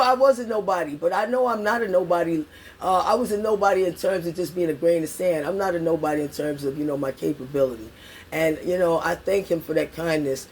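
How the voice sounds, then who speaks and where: A woman's voice: on the low side, darkish tone, husky. Profane, emphatic middle-aged woman ranting. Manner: profane, emphatic, repetitive, addresses viewers as y'all. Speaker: political vlogger. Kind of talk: angry political rant.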